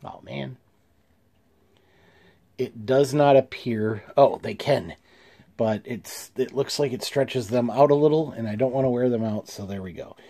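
A man chatting through a toy review in a mellow, darker tone. He sounds a little congested, clears his throat now and then, and keeps it easygoing with plenty of "uh"s and restarts. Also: mid-range voice, measured pace. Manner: easygoing, chuckling, many fillers and restarts.

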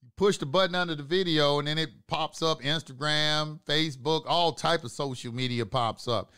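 A man hosts his own online channel, talking straight to live viewers in a long monologue. He preaches emphatically, repeats lines to drive them home and jumps from low, muttered asides to loud outbursts. His voice is smooth and resonant. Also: moderate pace. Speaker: host of an online talk channel.

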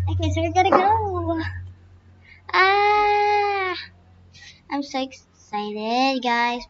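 A young woman casually narrating her game play, excitable and full of fillers, squealing now and then. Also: sits high. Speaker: gaming channel host. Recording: dull lo-fi recording.

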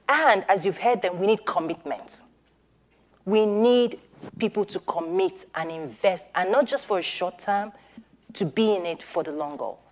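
Earnest woman leading a panel. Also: on the low side. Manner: earnest, persuasive, thinks aloud with restarts; uses everyday analogies. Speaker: summit organizer and panel moderator. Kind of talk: panel discussion.

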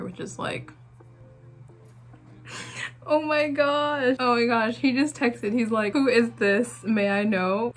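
A young woman vlogging in a chatty, giggly, nervous way as she narrates a text prank. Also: mid-range voice. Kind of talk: casual vlog chat.

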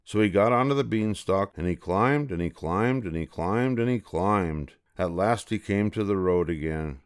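An older man reads a children's fairy tale aloud at a gentle, unhurried pace. His voice is deep and low. It is recorded on a close mic in a dry, dead-sounding space. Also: animated, clean tone, dry recording. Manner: slow, gentle, repetitive storytelling. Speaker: storyteller.

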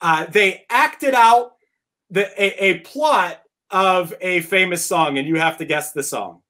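A man hosting a live trivia podcast event, reading questions and scoring answers with quick restarts. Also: high-pitched. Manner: lively, stumbles and restarts, laughs between answers. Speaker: trivia quiz host.

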